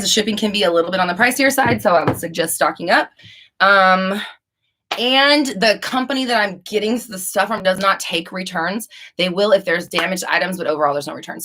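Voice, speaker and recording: A young woman with a fairly low, sharp-toned voice hosts a live Q&A stream. She's chatty and rambling, restarting often and swearing freely.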